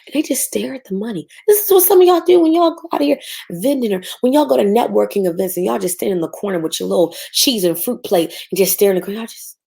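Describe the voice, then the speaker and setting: A woman coaches her livestream audience in a sassy, preachy tone. Her middle-pitched voice has a gravelly edge. She slips into mocking voices to make her point. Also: expressive, fast talker, mellow. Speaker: business coach. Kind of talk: livestream teaching.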